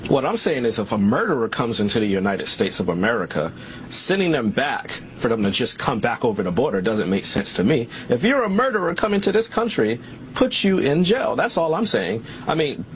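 A man being interviewed on television, making his case in an earnest, argumentative way. His pitch moves a lot as he talks, and faint room noise sits behind him. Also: very animated, a little fast. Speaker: political candidate on a TV interview. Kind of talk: broadcast TV interview answer.

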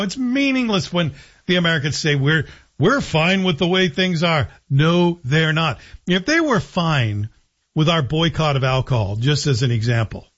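A man's voice: a little high, fairly bright tone, lo-fi sound. A man hosting a talk radio show, giving sardonic, opinionated commentary. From Scotland.

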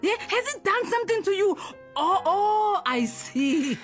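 A woman's voice: extremely high pitch, very animated, a little slow, fairly bright tone, faint music behind, exaggerated voice. A woman with a South African accent plays a hot-tempered mother who scolds and accuses her child in dramatic outbursts. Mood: accusing. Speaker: comedy skit actor.

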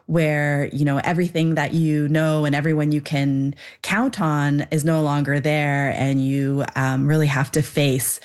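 A woman's voice: low voice, level tone, a little slow, hardly any pauses, darkish tone. A young woman, a filmmaker guest in an interview, explaining her subject thoughtfully with frequent fillers. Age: young adult. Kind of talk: interview answer.

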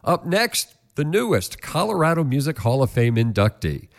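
A man's voice: a little high, sing-song, moderate pace, creaky. A man hosting a community radio show, speaking earnestly and gratefully to listeners into a studio mic. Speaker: radio host. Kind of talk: radio announcing.

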